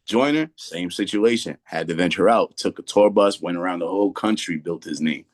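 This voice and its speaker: A man with a low voice, a hip-hop artist from Massachusetts. He is a guest on a radio show and tells stories loosely, full of slang and restarts. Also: normal speed. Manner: storytelling with slang, many restarts. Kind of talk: casual interview chat.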